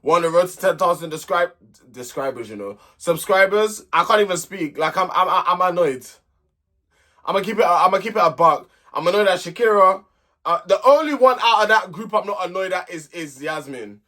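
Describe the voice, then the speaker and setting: Young man, recap vlogger, blunt and exasperated, slightly higher voice, bright tone. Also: lively intonation, moderate pace. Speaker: host of a reality TV recap channel. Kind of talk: casual opinionated recap commentary.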